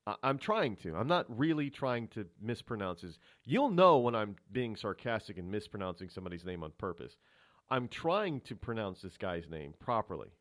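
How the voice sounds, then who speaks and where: A man hosting a radio talk show, rambling through a solo monologue of political commentary with many restarts. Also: normal speed. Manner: rambling, restarts often, animated pitch swings. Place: radio studio.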